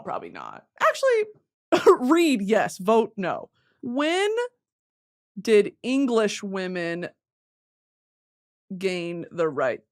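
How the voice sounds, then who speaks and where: Lively, giggly young woman vlogger. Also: mid-range voice. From Southern United States. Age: 20s. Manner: animated, giggly, slangy and profane. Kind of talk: casual rambling monologue.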